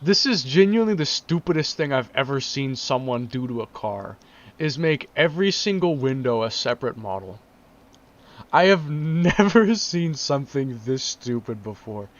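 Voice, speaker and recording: A man's voice: mid-range voice, lively intonation, normal speed. Exasperated man ranting in disbelief. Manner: exasperated, repeats himself, laughs in disbelief. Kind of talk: casual ranting vlog. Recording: dull lo-fi recording.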